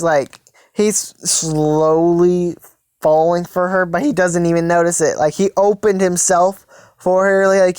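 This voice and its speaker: A woman's voice: on the low side, a little mellow, clean tone, no echo, studio quality. Rambling woman telling a fan story. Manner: rambling, with many fillers and trailing phrases. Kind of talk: improvised fan-story narration.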